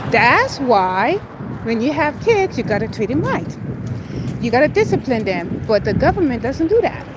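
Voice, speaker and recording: A woman's voice: fairly high pitch, big pitch swings, moderate pace, noisy background. A young adult woman telling a story in a blunt, sassy way during a casual livestream chat. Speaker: vlogger. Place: outdoors.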